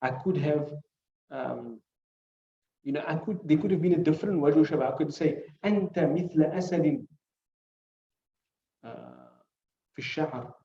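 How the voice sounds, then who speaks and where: A man's voice: fairly high pitch, a little fast, vocal fry, pauses often, warm tone, reverberant, far from the mic, lo-fi sound. A male teacher gives a classroom lecture, explaining with examples and putting questions to his students.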